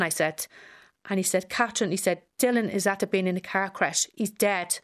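A middle-aged Irish woman speaking in an emotional radio interview. She talks haltingly, repeats herself and speaks with raw grief. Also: mid-range voice. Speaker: radio guest, bereaved mother.

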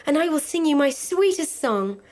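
A woman's voice: a little high, measured pace, a little mellow, slightly rough. A woman voicing a small female nightingale, tender and longing, with a lilting, yearning delivery, over faint music in a storybook reading. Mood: pleading.

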